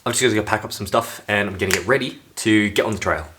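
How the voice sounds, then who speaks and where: In a casual travel vlog, a man hikes along a coastal path and talks cheerfully to the camera in his hand, using lots of fillers. He speaks fast in a lowish voice, and there's background noise.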